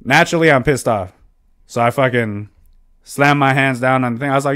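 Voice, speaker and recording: A man's voice: medium pitch, brisk, clear, resonant tone. Heated, profane man telling a story. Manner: heated, profane, reenacts his own lines loudly. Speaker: podcast co-host. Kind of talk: casual storytelling.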